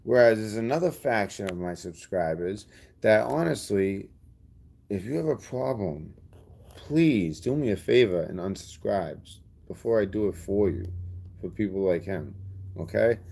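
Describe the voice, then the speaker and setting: A man talks to his channel's viewers in a very deep voice with a gravelly edge. He rambles, going off on side tracks, and speaks his mind bluntly and defiantly. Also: animated, normal speed, darkish tone. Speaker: channel host. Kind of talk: casual vlog talk to subscribers.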